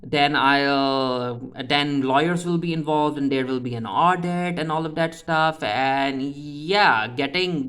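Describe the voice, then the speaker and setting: A man's voice: mid-range voice, fairly bright tone. A man giving a casual, chatty recap of a TV episode, often restarting with "uh" fillers. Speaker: TV recap reviewer.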